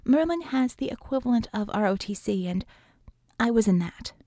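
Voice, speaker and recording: A woman's voice: a little high, lively intonation, moderate pace, dark tone, dry recording, clean studio sound, natural voice. A woman reading an audiobook, voicing a frank, tough young woman mage who talks in a chatty, offhand way.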